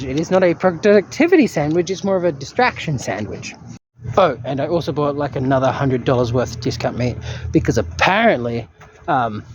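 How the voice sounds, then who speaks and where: A man's voice: a little high, slight background noise. A young man, rambling through a dry, self-mocking video diary. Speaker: vlogger.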